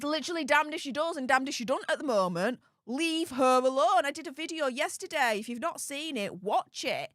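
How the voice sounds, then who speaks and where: A woman, reading and reacting to live chat, chatty and exclamatory, quick to laugh. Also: sits high, animated, a bit bright, no echo, clean studio sound. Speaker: livestream commentator.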